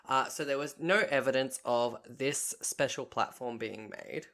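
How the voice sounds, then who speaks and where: Female podcast co-host, very low voice, unhurried, methodical casual storyteller. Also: fairly bright tone. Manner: recounts a history case point by point, correcting herself.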